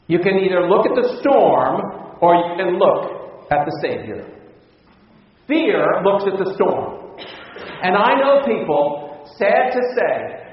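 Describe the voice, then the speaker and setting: A man preaching a sermon, telling a personal story with chuckles and speaking directly to the listeners. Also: high voice. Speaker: pastor. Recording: echoey hall, distant mic, dull sound.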